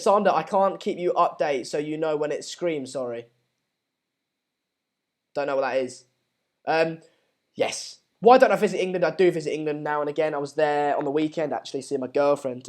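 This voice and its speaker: A young man hosting a casual live stream, reading out viewer comments in a hesitant, rambling way with many fillers. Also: fairly high pitch.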